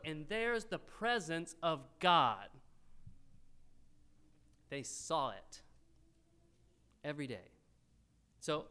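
A male pastor preaching a sermon, reading scripture aloud and getting loud and animated when he acts out the crowd. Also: sits high, smooth.

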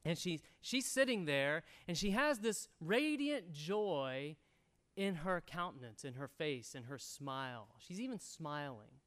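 Male pastor, raised pitch, smooth clear tone, earnest sermon delivery. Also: very animated, a little slow. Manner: earnest preaching, swells loud then drops soft.

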